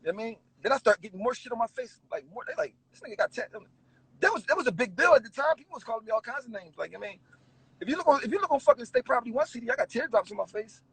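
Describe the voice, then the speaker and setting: A man's voice: very high-pitched, very fast, gravelly, slightly rough, dry recording, poor audio. A man, a rapper telling stories in a casual interview, swearing and laughing as he goes. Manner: animated, swearing, laughing storyteller.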